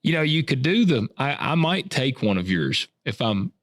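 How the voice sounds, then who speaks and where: A man's voice: mid-range voice, big pitch swings, no room sound. Laid-back man, dry close sound. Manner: laid-back, storytelling, drawn-out fillers. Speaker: podcast co-host. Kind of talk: casual chat.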